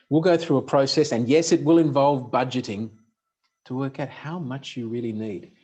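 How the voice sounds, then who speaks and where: A man's voice: medium pitch, a little mellow, slightly rough. A man giving a motivational talk from a stage, punchy and humorous as he tells stories. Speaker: speaker.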